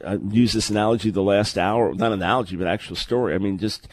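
A man's voice: lowish voice, fast, a little mellow. A man hosting a live call-in radio talk show, speaking earnestly and conversationally, often repeating a word as he starts a sentence. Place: remote location, early morning.

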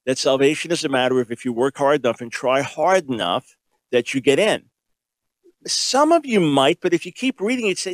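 A man's voice: on the high side, lively intonation, normal speed, no room sound. Emphatic male preacher, dry sound. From grew up in a Jewish home. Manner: emphatic, repetitive, rhetorical questions, shifting pace. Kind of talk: sermon teaching.

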